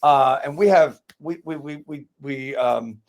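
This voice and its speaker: Blunt New host, a bit high. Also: male voice, measured pace, vocal fry. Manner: blunt, conversational questioning. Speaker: podcast host. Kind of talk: casual podcast interview.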